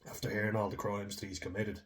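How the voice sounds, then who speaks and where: Deep monotone guy rambling through a true crime chat, kinda laid back. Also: quick pace. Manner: rambling and chatty, with laughs and restarts. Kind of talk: casual commentary, reading aloud.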